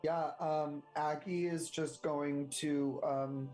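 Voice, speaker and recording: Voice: mid-range voice, fairly even intonation, takes it slowly, a little mellow, soft background music, poor audio. A player describing actions in a tabletop game, hesitant with many fillers. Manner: hesitant, lots of ums. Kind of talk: casual tabletop play.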